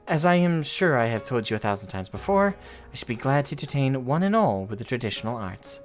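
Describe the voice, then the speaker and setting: A man doing a soft, demure young woman. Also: mid-range voice, very animated, fairly quick, soft background music, lightly acted. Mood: polite. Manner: soft, polite and formal.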